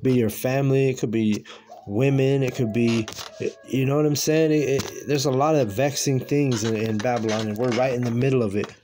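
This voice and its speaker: A man's voice: mid-range voice, fairly even intonation, normal speed, dark tone, slight background noise. A man teaching from scripture in a loose, conversational way, full of slang, restarts and filler words. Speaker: preacher.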